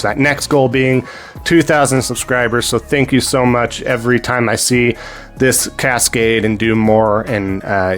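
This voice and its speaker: A man with a sick, hoarse voice hosts a gaming channel, giving rambling casual commentary on new games, full of fillers and thanks to viewers. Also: medium pitch.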